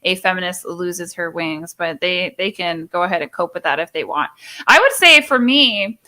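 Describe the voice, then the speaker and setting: A woman's voice: fairly low pitch, lively intonation, moderate pace, sharp tone. A young woman hosting a casual live stream chat, talking in an emphatic, opinionated way and acting out little quoted exchanges.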